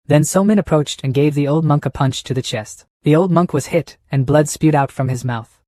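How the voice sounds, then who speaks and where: A man reading a scripted story recap in a steady, plain way. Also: fairly high pitch, normal speed, hardly any pauses, no echo. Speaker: narrator.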